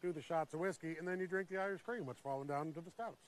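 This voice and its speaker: A man's voice: on the high side, racing, background noise, close to an everyday voice. A man playing a folksy rural drinking buddy. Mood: explaining. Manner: folksy rural grammar, explaining.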